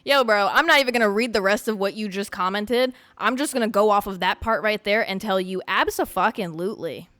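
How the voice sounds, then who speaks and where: A woman hosting a podcast in casual chat, brash and excitable, swearing freely. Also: medium pitch, brisk, few pauses, no echo. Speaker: podcast host.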